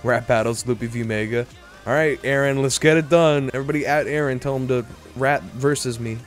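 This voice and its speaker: A man's voice: mid-range voice, fairly even intonation, fairly quick, soft background music. A young man streaming a game, cracking goofy jokes in rambling, filler-heavy casual chat. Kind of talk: casual live-stream commentary.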